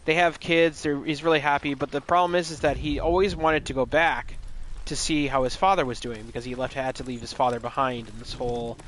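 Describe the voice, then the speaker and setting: A man's voice: mid-range voice, steady tone, fairly quick, a bit bright, slight background noise. A man streaming a game live, retelling a story in a loose, rambling, joking way with plenty of swearing. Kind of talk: casual live gaming commentary.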